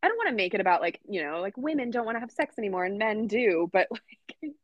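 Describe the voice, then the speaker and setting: A woman's voice: medium pitch, very animated, fast talker, no echo, highs cut off. A young woman co-hosting a podcast, chatting casually and animatedly, swearing and laughing often. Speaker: podcast co-host. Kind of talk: casual chat.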